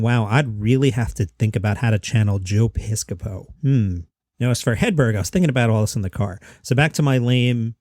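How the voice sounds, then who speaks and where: A man hosting a comedy news podcast, talking in a quick, chatty, self-mocking way. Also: mid-range voice, a little mellow, no room sound, clean studio sound. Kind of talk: casual comedy news commentary.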